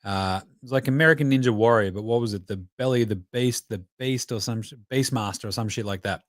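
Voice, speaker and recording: Excitable Australian man reacting live. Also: medium pitch, fast talker, no echo, clean studio sound. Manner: excitable, profane, cheers and chants at the screen. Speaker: podcast host.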